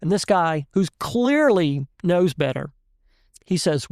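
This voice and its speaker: Man, chef guest, lively storyteller, laughs a lot, high voice, dry sound. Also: takes it slowly, no echo. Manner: animated, laughs often, tells stories with voices. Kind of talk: casual storytelling chat.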